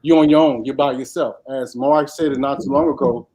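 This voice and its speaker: A man's voice: mid-range voice, fairly even intonation, a little fast, mellow, rough recording. A man on a discussion panel who talks bluntly and emphatically, speeding up as he makes his point.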